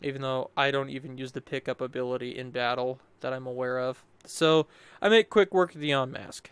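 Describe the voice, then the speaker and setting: Chatty young man, smooth dry voice. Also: medium pitch, brisk, no room sound. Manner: rambling, restarts often, chatty and animated. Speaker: gameplay commentator. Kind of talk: casual gameplay voice-over commentary.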